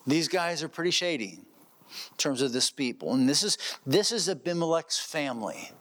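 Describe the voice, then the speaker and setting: A man's voice: on the high side, animated, normal speed, fairly bright tone. A man preaching an expository sermon, reading verses and posing rhetorical questions to the congregation. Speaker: pastor.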